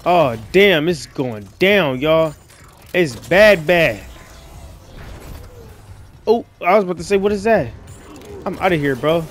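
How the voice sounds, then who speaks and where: Casual game streamer, male, high voice, slang-heavy commentary. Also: takes it slowly, long pauses. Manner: slangy, excitable, yelps when startled. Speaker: gaming streamer. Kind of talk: casual let's-play commentary. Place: dark room at night.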